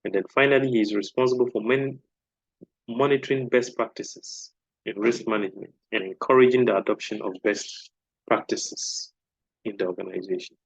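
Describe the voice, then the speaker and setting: A man's voice: fairly low pitch, steady tone, moderate pace, slightly rough, no echo, lo-fi sound. Man, lecturer, explanatory, tags "okay?", dry close sound. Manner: explanatory, often adds "okay?" as a tag. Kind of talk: recorded lecture.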